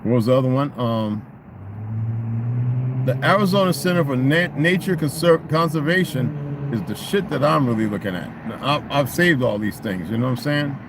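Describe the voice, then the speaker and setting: A middle-aged man in a casual, profane rant, swinging into loud, mocking quotes of other people. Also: mid-range voice, lively intonation, moderate pace, background noise. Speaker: vlogger.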